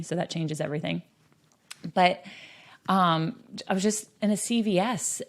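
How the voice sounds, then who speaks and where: A woman's voice: fairly low pitch, gravelly. A woman from western North Carolina, talking as a podcast host in an earnest, storytelling manner with frequent ums. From western North Carolina, USA. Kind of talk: earnest conversational monologue.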